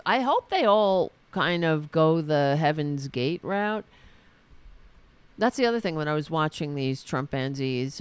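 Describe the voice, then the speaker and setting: A man with a smooth voice on the high side, captured in a dry recording, rants angrily as the lone host of a political commentary show. Sarcasm and profanity run throughout, and he keeps breaking off and restarting, filling gaps with fillers.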